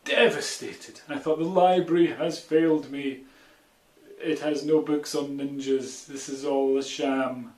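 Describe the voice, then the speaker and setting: A man with a Scottish accent, a children's author telling an animated, casual story with many ums. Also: a little high. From Scotland. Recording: echoey room.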